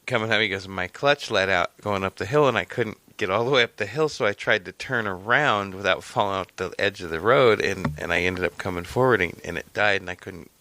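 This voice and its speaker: A man co-hosting a podcast, telling stories in a lively way and swearing freely. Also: on the low side, a little fast, few pauses. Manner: animated storyteller, swears freely, acts out voices. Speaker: podcast co-host. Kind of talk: casual chat.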